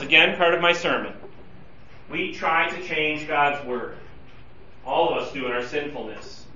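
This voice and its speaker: High, bright-voiced pastor teaching in a roomy hall. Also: male voice, slight background noise. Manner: animated, acts out quoted pleas with rising urgency. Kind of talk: Bible study teaching. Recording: distant, roomy, slightly dull recording.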